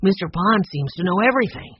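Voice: medium pitch, lively intonation, a little fast, a little hiss or hum, close to an everyday voice. An audiobook reader voicing an earnest, determined older boy, in a dull lo-fi recording. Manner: serious and determined.

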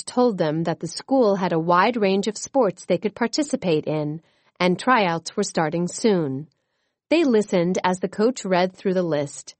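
A woman narrating a children's chapter book in a clear, expressive reading. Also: fairly low pitch, a little slow, no room sound. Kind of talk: storybook narration.

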